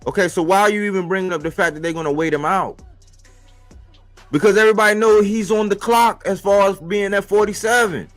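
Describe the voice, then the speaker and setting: Male boxing streamer, slightly high voice, casual slangy rant, repeats lines for emphasis, soft music underneath. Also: a little fast. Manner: animated, rhetorical, slangy, repeats phrases. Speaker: boxing commentator. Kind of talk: casual boxing talk monologue. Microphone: live-stream mic.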